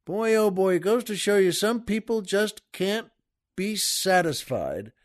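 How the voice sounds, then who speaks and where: A man's voice: sits high, big pitch swings, measured pace. A male host telling a joke in a folksy, rambling way, repeating himself often. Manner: folksy, repetitive, chuckling.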